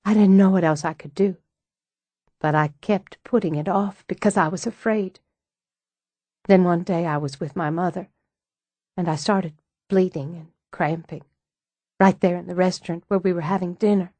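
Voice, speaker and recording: A woman voicing a fragile, ashamed young woman in an audiobook, with a halting, emotional delivery. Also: fairly low pitch, steady tone, warm tone, no room sound, lightly acted. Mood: distraught. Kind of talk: audiobook dialogue.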